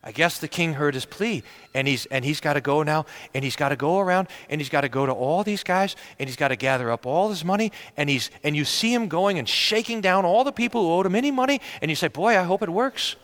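A man's voice: fairly high pitch, lively intonation, quick pace, hardly any pauses, a bit bright. A male pastor preaching a sermon in a conversational storytelling manner, often restarting his sentences.

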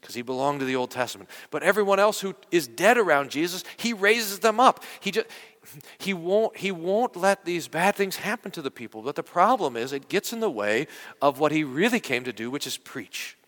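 A male pastor preaching in a lively, conversational way, circling back and repeating words as he thinks aloud. His voice sits a little high and sounds bright and forceful. A long reverb from the church space trails after each phrase. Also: moderate pace. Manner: conversational, animated, many restarts and repeated words. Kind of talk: sermon.

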